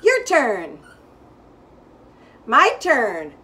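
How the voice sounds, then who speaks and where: A woman music teacher leads a lesson for small children, high and bright in tone. She talks at an unhurried pace, spelling things out clearly and cheering the class on. She chants simple rhythm syllables for them to echo back. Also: sing-song, slight background noise.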